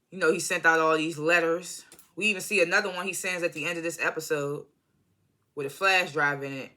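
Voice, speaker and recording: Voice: mid-range voice, pushed and bright. An American vlogger giving a loose, slangy TV episode review into a phone, full of asides and self-corrections. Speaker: TV show reviewer. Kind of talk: casual rambling video review.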